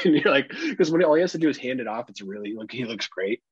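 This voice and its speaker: A young adult man co-hosting a casual podcast, telling animated stories and swearing freely. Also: medium pitch, fast talker, slightly rough, highs cut off. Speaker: podcast co-host.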